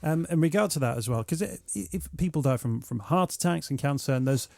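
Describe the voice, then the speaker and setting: A man hosting an interview, asking gentle, thoughtful questions. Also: fairly high pitch, animated, brisk, creaky, no room sound, clean studio sound. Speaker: radio show host.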